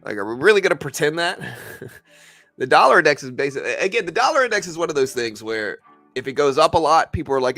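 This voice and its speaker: A man's voice: medium pitch, animated, fast talker, pushed and bright, dry recording, soft background music. A man hosting a casual livestream about the markets, talking straight back at viewers and often stumbling and restarting as he argues his point. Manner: repeats himself, stumbles and restarts. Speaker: livestream host. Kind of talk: casual livestream market commentary answering chat.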